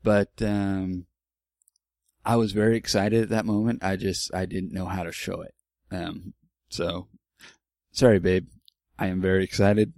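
Low-voiced man in his forties rambling. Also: creaky, a little mellow, no echo, studio quality. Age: 40s. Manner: rambling, candid, with profanity and restarts. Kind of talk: casual personal storytelling.

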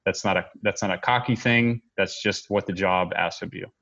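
Man, 30s, veteran telling his story; low voice, halting and earnest, dull lo-fi recording. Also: sharp tone. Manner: earnest, halting, with many restarts and pauses. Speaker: military veteran speaker. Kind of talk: personal testimony to an audience.

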